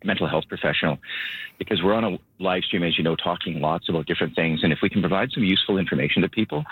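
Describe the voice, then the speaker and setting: A man speaking as a local government spokesperson, out of breath and earnest, rambling with halting restarts. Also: low-pitched, husky, no echo. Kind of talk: phone interview. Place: outdoors at his vehicle. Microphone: phone. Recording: tinny phone line.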